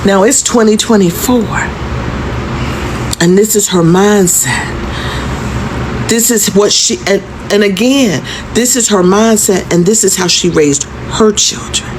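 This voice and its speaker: Speaking unhurriedly in a medium-pitched voice, a content creator in her fifties narrates a storytime vlog. She's conversational and emphatic, frequently turning to question the viewer, with a noisy background behind her.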